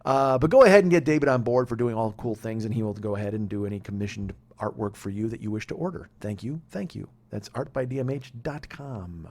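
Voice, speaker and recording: A man's voice: lowish voice, fast talker, hardly any pauses, a little mellow. A man in his forties hosting a podcast, telling a comic story in a profane, exasperated, self-mocking way. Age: 40s. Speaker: podcast host.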